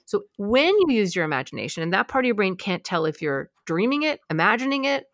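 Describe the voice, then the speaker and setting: A woman explaining how anxiety works in an emphatic, quick conversational way. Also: medium pitch, sing-song, fairly bright tone, no room sound, studio quality. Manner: emphatic, quick, voices the anxious mind in asides.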